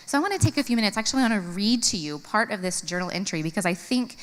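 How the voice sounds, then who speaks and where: A woman in her thirties reads from her journal at a women's conference. She tells it with earnest feeling, and her pitch rises high on questions. Her voice rings in a large hall with a long echo. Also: very fast. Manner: earnest, storytelling, expressive swings in pitch. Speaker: conference speaker. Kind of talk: reading a personal journal aloud to an audience.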